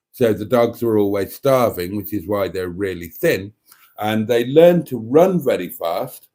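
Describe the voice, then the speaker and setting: A man's voice: mid-range voice, mellow. A man hosting a livestream, reading out viewer comments in a casual, wry, teasing way with mock-serious rambling asides. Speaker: livestream host.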